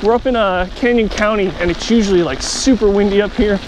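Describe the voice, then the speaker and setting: Guy narrating his gear test outside, talks fast, clip mic picking up lots of wind and noise. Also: sits high. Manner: chatty, narrates each step as he goes. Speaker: gear reviewer. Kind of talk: casual explanatory product test. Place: outdoors, parking garage roof and hill trail. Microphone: clip-on wireless mic near mouth. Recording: outdoor wireless mic with wind and helicopter noise.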